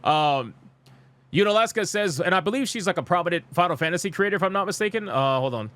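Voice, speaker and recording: Young male streamer, slightly high voice, dry close mic, blunt and exasperated profane ranter. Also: animated, fast, fairly bright tone, dry recording. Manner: reads comments aloud. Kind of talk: live gaming news commentary.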